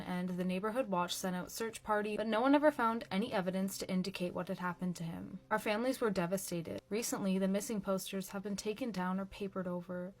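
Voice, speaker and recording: A woman hosting a horror story channel, calmly narrating a scripted creepypasta. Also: medium pitch.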